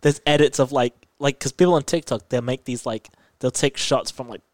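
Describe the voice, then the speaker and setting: A man chatting casually as a podcast co-host, recapping a TV episode with loose, rambling energy and constant fillers. His voice sits at an ordinary middle pitch. The recording is close and dry, with no room echo. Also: fairly quick. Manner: rambling, filler-heavy, animated retelling.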